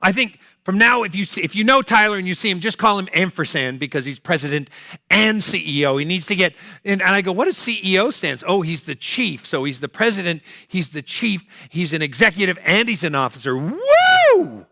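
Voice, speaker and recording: A man's voice: sits high, brisk, pushed and bright, dry recording, studio quality. An older man doing a stand-up comedy set, punchy, chatty and full of jokes.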